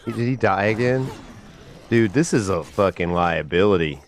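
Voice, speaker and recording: Deep-voiced man muttering profane game commentary. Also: lively intonation, moderate pace, slight background noise. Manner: profane, muttering to himself, bursts of exasperation. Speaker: streamer. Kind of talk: live gameplay commentary.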